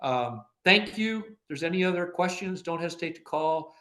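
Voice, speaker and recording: Speaking at a normal speed, an older man who used to run an agency relaxes into career anecdotes as a podcast guest. His bright, forceful voice sits fairly high for a man, and he slips into the voices of people he quotes, laughing often along the way.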